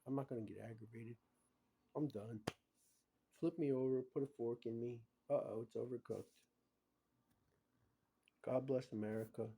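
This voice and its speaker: A man talking in a rambling casual monologue, full of "you know" and "bro", swinging between low mutters and loud emphatic bursts. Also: vocal fry, breathy edge. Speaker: vlogger.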